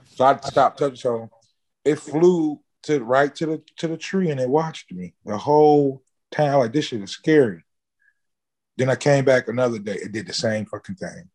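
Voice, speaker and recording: A man in an interview, casually telling a long story, swearing freely and jumping high in pitch when he acts out what people said. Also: normal speed, a little mellow. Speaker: interview guest, musician.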